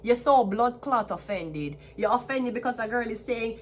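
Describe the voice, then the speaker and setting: A Jamaican woman in her thirties talks straight to camera, defiant and swearing freely. She slides between thick patois and plainer English. Her voice sits at an ordinary middle pitch for a woman. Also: normal speed, few pauses, a little hiss or hum. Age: 30s. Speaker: tarot reader. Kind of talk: ranting to camera.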